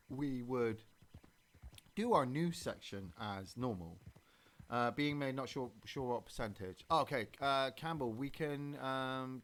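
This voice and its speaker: A man hosting a gameplay stream, talking casually and rambling, with many fillers and restarts. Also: mid-range voice. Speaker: streamer and podcast host.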